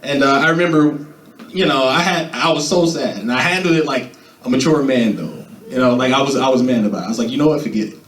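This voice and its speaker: A young man doing stand-up at an open mic, talking loosely and animatedly and jumping into high squeaky voices when he quotes people. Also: fast talker. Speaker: stand-up comedian. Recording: echoey room, mic from a distance.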